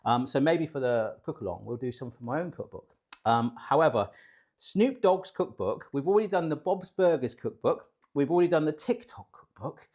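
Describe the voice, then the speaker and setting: A man's voice: on the high side, a little mellow. A British man hosting a live cooking stream from a kitchen, chatty and jokey, poking fun at himself while he reads out viewer comments. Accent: British English. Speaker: cooking show host.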